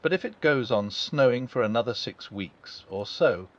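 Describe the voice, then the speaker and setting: A man reading a classic children's storybook aloud in a calm, unhurried bedtime style, barely changing his voice for the characters. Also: mid-range voice. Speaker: audiobook narrator. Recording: dull lo-fi sound.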